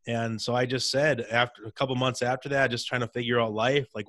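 A man's voice: mid-range voice, little pitch movement, fairly quick, a bit bright, no echo, studio quality. A man in his thirties, a former pro hockey player, telling his faith story in an intense, candid way in a casual interview.

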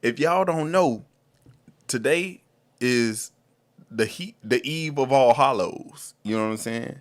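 A man hosting a casual podcast, animated and slangy, often repeating words as he starts a sentence. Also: medium pitch, slow pace. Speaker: podcast host.

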